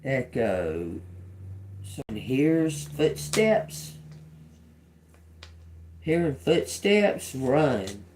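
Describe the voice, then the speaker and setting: A woman doing an intuitive tarot reading. She repeats channeled words slowly and quietly, then turns chatty when she explains them to viewers. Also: rumbling low, sing-song, a little hiss or hum. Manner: slow, murmured repetition of channeled words. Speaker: tarot reader.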